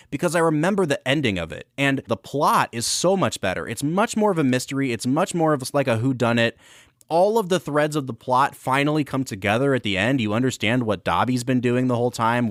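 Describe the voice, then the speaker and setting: A man's voice: medium pitch, no echo, clean studio sound. A man co-hosting a film and whiskey podcast, talking through a movie in casual, enthusiastic, analytical chat. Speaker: podcast co-host.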